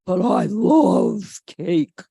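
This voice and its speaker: A woman puts on an eager male family dog who cannot resist cake and dirt. He speaks loudly, stretching his longing words over a lively, swooping pitch. The dry, close sound fits a storybook read-aloud. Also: slow pace, vocal fry, husky, no echo, full character voice. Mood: tempted.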